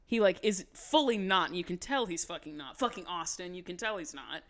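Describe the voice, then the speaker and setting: A woman co-hosting a podcast, recapping in casual chat with animated, swear-filled asides. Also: fairly low pitch, brisk. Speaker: podcast co-host.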